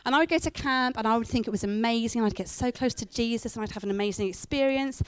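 Animated woman preaching, dry sound. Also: on the high side, quick pace, clear, resonant tone, dry recording. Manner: animated storytelling with acted-out quotes. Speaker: speaker giving a church talk. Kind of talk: sermon.

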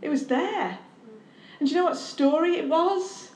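A woman's voice: high-pitched, moderate pace. A woman, a pastor giving a candid, conversational testimony sermon with self-deprecating humor. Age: 30s. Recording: echoey room.

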